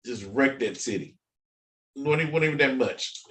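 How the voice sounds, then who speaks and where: A man co-hosting a podcast in casual, comedic chat, animated, laughing often and repeating himself. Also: medium pitch, moderate pace, far from the mic. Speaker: podcast co-host. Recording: echoey room, off-mic.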